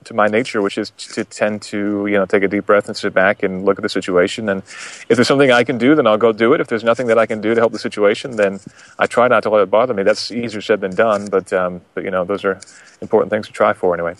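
A man talking calmly and thoughtfully in casual conversation, with frequent fillers. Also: fairly low pitch, fast, dry recording. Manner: calm, reflective, many fillers.

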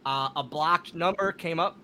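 Bright-voiced man telling stories. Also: on the high side, a little slow, slight background noise. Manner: animated, laughing storyteller. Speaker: podcast guest, wrestler. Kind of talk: casual storytelling.

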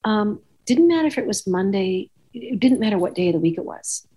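Husky-voiced woman telling rambling stories. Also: mid-range voice, very animated, fairly quick, dark tone. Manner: rambling anecdotal storyteller, acts out dialogue. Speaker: podcast host. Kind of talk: casual chat.

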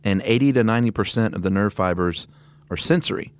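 Wry lower-voiced man on a podcast. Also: fast, smooth, no room sound. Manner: wry, teasing, laughs while telling stories. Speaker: podcast co-host. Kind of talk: casual chat.

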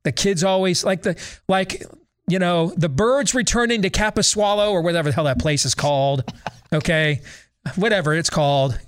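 A man's voice: sits high, moderate pace. An American man hosting a talk show, delivering a sarcastic monologue full of rhetorical questions and leading questions to his co-hosts. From United States.

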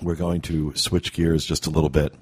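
Male podcast host, very low and husky, halting and filler-heavy delivery. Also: flat delivery. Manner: halting, full of fillers and restarts. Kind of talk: casual podcast talk.

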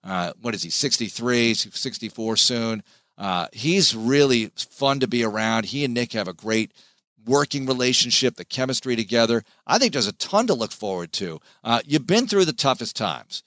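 A man, a sports play-by-play announcer, giving an animated, emphatic interview as a podcast guest. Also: mid-range voice, normal speed, dry recording.

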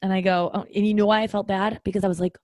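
A woman's voice: medium pitch, little pitch movement, very fast, darkish tone, no room sound. A woman in her thirties, a comedian hosting her own show, talking candidly and self-deprecatingly with swearing and frequent ums. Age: 30s. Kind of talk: casual comedic monologue.

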